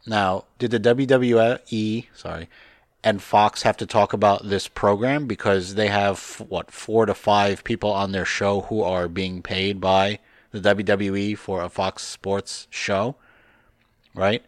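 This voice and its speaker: A man's voice: on the low side, fairly even intonation, slow, dry recording. A man in casual chat, blunt and questioning, swearing now and then. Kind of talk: casual chat about pro wrestling.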